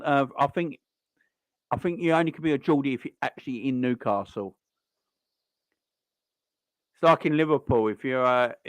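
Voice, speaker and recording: A man's voice: fairly low pitch, no echo. Chatty man hosting a football watchalong. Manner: chatty and rambling, greets viewers and answers chat. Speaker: live-stream host. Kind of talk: casual football watchalong commentary.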